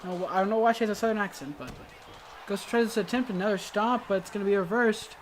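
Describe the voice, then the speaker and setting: A woman commenting play by play on a wrestling video game, calling the moves with sudden excited exclamations and frequent hesitant fillers and self-corrections. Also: medium pitch, fast talker, background noise. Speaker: gaming video host.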